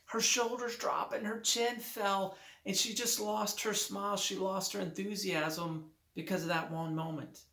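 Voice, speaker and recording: A man who writes motivational books telling a personal anecdote to his viewers in an upbeat, lively way with emphatic repetition. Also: high voice, a little slow. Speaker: motivational author. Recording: roomy echo.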